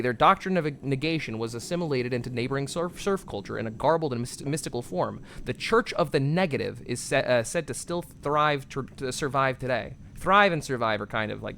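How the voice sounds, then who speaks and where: A man's voice: medium pitch, creaky, a bit bright, slight background noise. A man streaming a game, reading its text aloud with stumbles and swearing at himself in a self-mocking way.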